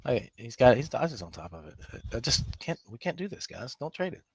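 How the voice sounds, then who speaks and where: A man's voice: mid-range voice, big pitch swings, brisk, slightly rough, no room sound. A man hosting a live trading room, talking emphatically to his viewers, scolding them and laughing often.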